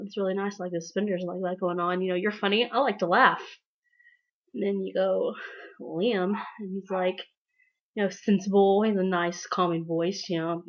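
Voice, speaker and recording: A woman's voice: medium pitch, highs cut off. A woman vlogging to camera in a casual, rambling monologue, gushing and acting out her own thoughts.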